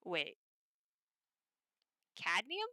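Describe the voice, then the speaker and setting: A woman's voice: lowish voice, wildly swooping pitch, very slow, sharp tone, no echo. A woman streamer chatting in character during a game, scattered and rambling as she talks to her chat. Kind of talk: in-character roleplay chat while gaming. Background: faint background music.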